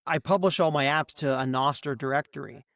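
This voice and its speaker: A man's voice: mid-range voice, brisk, gravelly, a crowd in the background. A middle-aged man co-hosting a podcast, chatting casually and enthusiastically about tech, often restarting his sentences. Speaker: podcast co-host.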